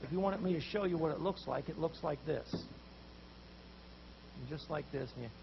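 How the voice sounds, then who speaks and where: A man preaching a sermon, telling a story with animated voices for the people in it. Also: fairly high pitch, quick pace, vocal fry, dull audio, background noise. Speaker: pastor.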